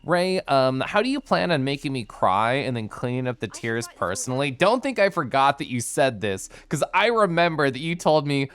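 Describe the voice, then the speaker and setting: A man's voice: medium pitch, sing-song, moderate pace, hardly any pauses, a bit bright, smooth. A man streaming a game, chatting casually in a bubbly, giggly, theatrical way. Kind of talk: casual livestream chat over gameplay.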